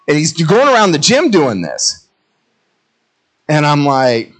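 A male pastor preaching a sermon in a conversational, self-mocking way, telling animated stories. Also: on the high side, moderate pace.

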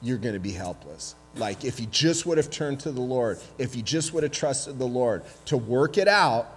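A man preaching a sermon as pastor, retelling scripture with lively, humorous asides and acted-out voices. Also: mid-range voice, normal speed, few pauses, husky. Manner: animated storytelling, acts out voices with humor. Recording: long hall reverb.

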